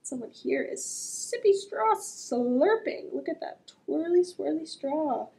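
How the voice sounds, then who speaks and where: High, slow-reading storytime woman. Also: expressive, vocal fry, rough recording. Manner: gently questioning the listener, drawn-out sound words. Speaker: children's librarian. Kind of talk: reading a picture book aloud to children.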